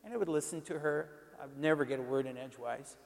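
Casting note: male priest, gravelly and a touch higher-pitched, emphatic chatty teaching, long hall reverb. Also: quick pace, a little mellow. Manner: conversational, emphatic, repeats himself. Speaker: Catholic parish priest. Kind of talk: informal teaching talk.

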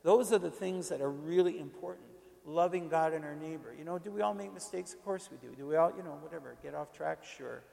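Gravelly-voiced priest in a reverberant hall. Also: male voice, fairly high pitch, fairly quick, few pauses, dark tone. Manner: conversational, emphatic, repeats himself. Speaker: Catholic parish priest. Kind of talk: informal teaching talk.

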